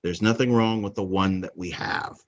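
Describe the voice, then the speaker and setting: A man's voice: low-pitched, steady tone, moderate pace, lo-fi sound. A man hosting a movie countdown podcast, talking casually in a rambling, opinionated way that often corrects itself. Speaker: podcast host.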